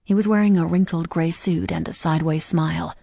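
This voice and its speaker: A woman narrating a first-person audiobook in a quiet, measured, somber way. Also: lowish voice, steady tone, gravelly, no echo, studio quality.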